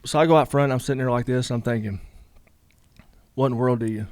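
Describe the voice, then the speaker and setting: A man's voice: medium pitch, fast talker, darkish tone, no room sound, studio quality. A man, a guest telling a long story in a casual interview, rambling with lots of "you know" asides.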